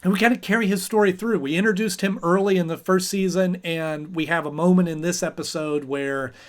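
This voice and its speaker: This host reviews an episode in a high voice with fairly even intonation and a fairly quick pace. He chats casually and ramblingly with lots of fillers, briefly acting out characters.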